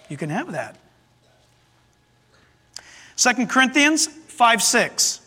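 A man's voice: extremely high pitch, sing-song, slow pace, long pauses, pushed and bright, slightly rough. A male pastor preaching a sermon, emphatic and full of rhetorical questions to his congregation. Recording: long hall reverb.

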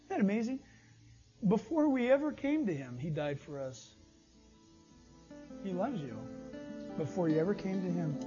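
A man preaching a sermon, his pitch leaping all over as he acts out small back-and-forth exchanges. His voice is high and a bit husky. The sound is dull and lo-fi. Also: normal speed, long pauses, soft background music. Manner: animated preaching, acts out little dialogues. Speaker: pastor.

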